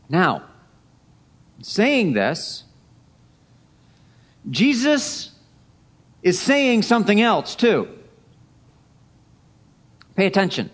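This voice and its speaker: A man preaching a Sunday sermon, emphatic, repeating key phrases and dropping to a hush for effect. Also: high-pitched, huge pitch swings, drawn-out words, long pauses. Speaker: pastor.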